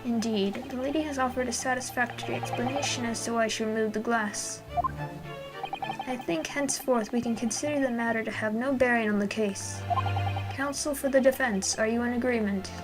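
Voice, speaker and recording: A woman's voice: a little high, lightly acted, poor audio. A woman doing a pompous old British judge. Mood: formal. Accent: put-on British. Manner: formal, measured. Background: game music.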